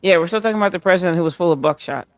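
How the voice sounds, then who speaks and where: Brief: a male panelist with a somewhat high voice, playful and riffing. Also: racing, no echo. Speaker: podcast panelist. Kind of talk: casual chat.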